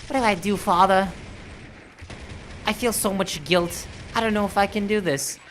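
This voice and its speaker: Man doing anxious mob wife at confession, stammering, high falsetto, bright edge. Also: moderate pace, a little hiss or hum. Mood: guilty. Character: distraught Italian-American mob wife confessing.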